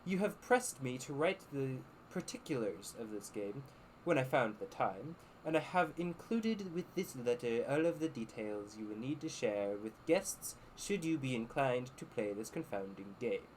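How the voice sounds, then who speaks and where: A man reading a letter aloud in a put-on posh voice, as a genteel gentleman writing to a friend. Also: medium pitch, lively intonation, moderate pace, a little hiss or hum, lightly acted, rough recording. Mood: formal.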